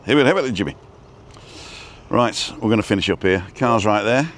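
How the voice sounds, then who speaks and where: A man's voice: fairly low pitch, lively intonation, moderate pace, fairly bright tone. A man hosting a casual outdoor live stream, rambling and reading out viewer comments as he goes.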